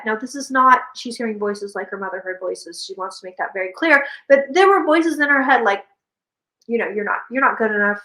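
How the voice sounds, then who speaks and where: A woman hosting a casual psychic chat, telling stories quickly and acting out what people said. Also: fairly high pitch, echoey room, low-quality recording. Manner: animated storyteller who acts out quoted speech. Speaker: psychic medium and host.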